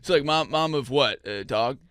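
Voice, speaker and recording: A man's voice: medium pitch, moderate pace, fairly bright tone, clean tone, no echo, natural voice. A man reading the part of a wary, awkward young man from a dating show in a comic table read, hesitant and laughing.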